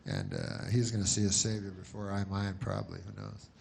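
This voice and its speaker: Brief: male stand-up comic, dry deadpan delivery, meandering and hesitant. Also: lowish voice, brisk, gravelly, husky. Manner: deadpan, rambling, full of restarts. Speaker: stand-up comedian. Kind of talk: stand-up comedy.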